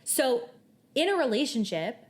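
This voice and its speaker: Casting: young adult woman, podcast co-host, earnest and animated, reads passages with feeling. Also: a little high, unhurried. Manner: animated, earnest, reads quotes aloud at length. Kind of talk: casual book discussion. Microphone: shared table mic.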